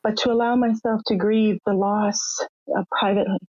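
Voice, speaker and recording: A woman's voice: mid-range voice, little pitch movement, normal speed, darkish tone, no echo. An older woman telling her personal story as a podcast guest, candid and emotional, acting out the voices of the people in it. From Canada. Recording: muffled lo-fi sound, dry.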